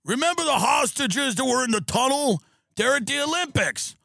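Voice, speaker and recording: A man putting on a Southern accent to play an excited husband shouting across the house to his wife. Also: very high voice, normal speed, vocal fry, dry recording, studio quality, pitched above the performer's own voice, exaggerated voice.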